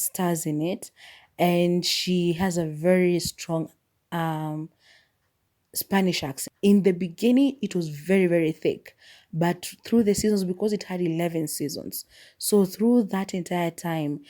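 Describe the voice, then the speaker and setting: A woman talks through her own podcast in a loose, rambling chat, often breaking into laughter. Her voice sits a little low for a woman and has a dark, mellow tone. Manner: chatty, rambling, laughs often, many fillers. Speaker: podcast host. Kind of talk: casual solo podcast musing.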